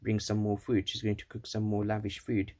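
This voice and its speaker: A witty, calm male minister from an old fable, explaining himself in a patient, reasoning way, as a man telling the story puts him on. The voice sounds like a plain everyday man. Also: on the low side, a little fast, close to an everyday voice.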